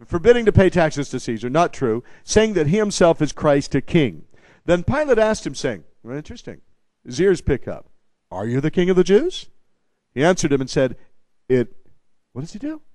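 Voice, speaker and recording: Animated, higher-voiced man preaching. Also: normal speed, no echo. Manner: animated, repeats phrases for emphasis, asides to the congregation; wry humor. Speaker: pastor. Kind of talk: expository sermon.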